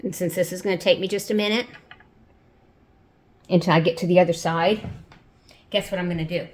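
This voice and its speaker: A crafter teaching sock machine knitting speaks a little fast, her voice on the low side, fairly even, with a darkish tone. In this step-by-step tutorial she's patient and homey, repeats steps, checks in with frequent "okay?", and says a playful "ta-da".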